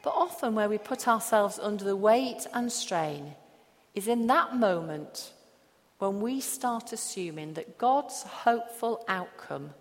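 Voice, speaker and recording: A woman pastor preaching a sermon, slow and emphatic with long pauses. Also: medium pitch. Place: church hall. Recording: echoey hall.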